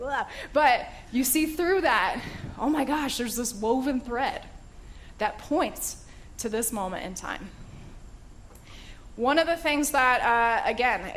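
Woman Bible study teacher, slightly high voice, casual and enthusiastic, with a faint hiss under her voice. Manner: chatty and enthusiastic, with frequent fillers and laughs.

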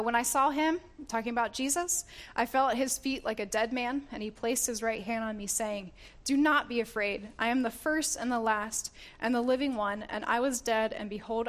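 Woman giving a sermon, earnest, laughs a lot, trips over words and restarts, kinda high voice. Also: fairly bright tone. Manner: earnest, laughs often, self-correcting restarts. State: getting emotional. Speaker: preacher. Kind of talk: sermon reading scripture.

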